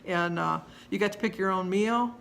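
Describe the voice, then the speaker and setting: A woman's voice: medium pitch, normal speed, vocal fry, fairly bright tone, a little hiss or hum. A woman in her sixties chatting casually to camera at home, rambling and homey in her delivery. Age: 60s. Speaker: vlogger.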